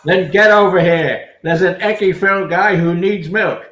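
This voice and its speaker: A man puts on a flustered old-movie detective who talks in hard-boiled 1940s slang and keeps tripping over his own awkwardness, his voice pitched a little high. It comes through an echoey room on a noisy live stream. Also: measured pace. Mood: panicked. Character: bumbling awkward male noir detective. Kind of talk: live improv comedy.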